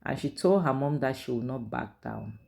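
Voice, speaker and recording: Man, series reviewer, gravelly mid-pitched voice, animated and emotional casual recap. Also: moderate pace. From Nigeria. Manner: animated, emotional retelling with conversational fillers.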